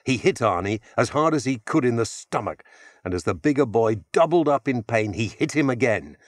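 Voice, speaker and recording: Man narrating an audiobook, expressive and dry. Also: mid-range voice, dry recording. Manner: measured, expressive storytelling.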